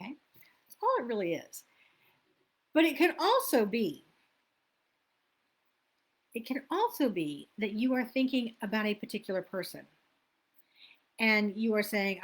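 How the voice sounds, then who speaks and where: Self-help coach, woman, middle-aged; loose, chatty delivery that wanders and self-corrects. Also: medium pitch. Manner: chatty, loses her place and laughs at herself. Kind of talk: casual teaching talk.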